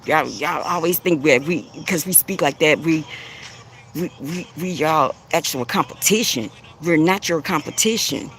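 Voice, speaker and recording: A woman with a low, bassy voice talks straight to her listeners like a spiritual coach. She preaches in loose, repetitive phrases and often breaks into a short chuckle. A faint hiss sits under her voice. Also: animated, a little slow, a bit bright. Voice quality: deep voice with bass. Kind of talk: spiritual motivational monologue to camera.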